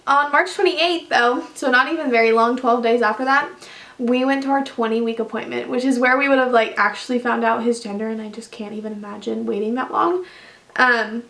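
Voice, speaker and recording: A young woman tells her year's story to the camera in a loose, rambling way, with ums and little self-corrections. Her voice sits slightly high for a woman. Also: fairly even intonation, fairly quick, creaky, a bit bright. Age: young adult. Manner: chatty, rambling, many fillers and restarts. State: tearful at times. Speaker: vlogger.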